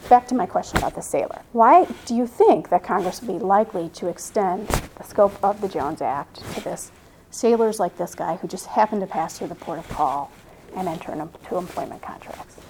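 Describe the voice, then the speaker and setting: A woman's voice: mid-range voice, moderate pace, background noise. A woman in her fifties, a law professor giving a classroom lecture. She questions the class and thinks aloud, with restarts.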